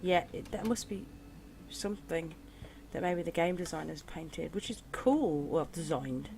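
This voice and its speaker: Woman playing a horror game, kinda low voice, cracks jokes at the game, faint game hum behind. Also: animated, unhurried, gravelly, a little mellow. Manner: jokey, talks back to the game, yelps when startled. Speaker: let's play gamer. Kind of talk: casual gameplay commentary.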